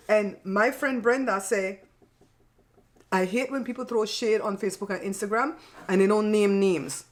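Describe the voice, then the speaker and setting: A middle-aged woman hosting her own channel, chatting casually while she eats. She talks bluntly and frankly, swears lightly and laughs often. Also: fairly high pitch. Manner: blunt and frank, plain-spoken with mild cursing. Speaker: channel host. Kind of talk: casual chat while eating.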